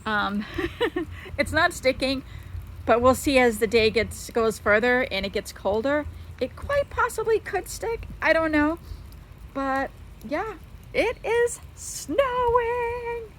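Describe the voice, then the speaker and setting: A woman vlogging casually at home with a handheld camera, chatty and quick to laugh. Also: high-pitched, very animated, a bit bright, a little hiss or hum. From Southern United States. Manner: chatty, laughs often, coos at pets. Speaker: vlogger, mom. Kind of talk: casual vlog chat. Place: home and snowy backyard.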